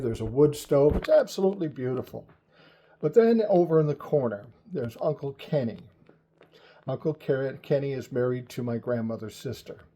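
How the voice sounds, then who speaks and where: A man's voice: mid-range voice, mellow, slight background noise, rough recording. An older man telling a family story in a casual, chatty, profane way.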